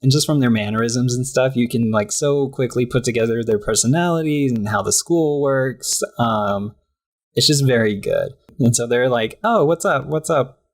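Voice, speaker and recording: Man, podcast co-host, easygoing recap chat, pops into silly high voices. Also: normal speed. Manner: chatty, acts out lines in high voices, laughs often. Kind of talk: casual chat recapping a cartoon.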